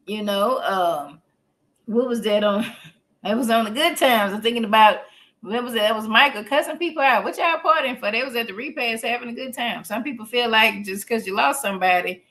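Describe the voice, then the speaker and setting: A woman's voice: fairly high pitch, a little fast, a bit bright. A woman therapist talking casually on a podcast, explaining things in an earthy, joking way.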